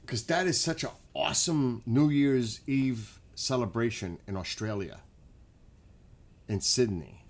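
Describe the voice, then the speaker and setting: A man hosting a casual livestream, chatting with viewers by name and getting excited as he asks them questions. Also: medium pitch, unhurried. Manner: chatty, talks to chat by name, gets excited and laughs. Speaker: livestream host.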